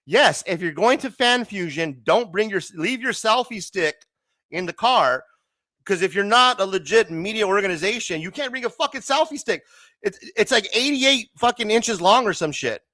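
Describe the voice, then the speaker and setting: A man in his thirties from Arizona hosts a comics livestream, rambling loosely in chummy, profane chat, swearing constantly and laughing often. His voice is high-pitched and expressive with a sharp tone, at normal speed. The recording is dry.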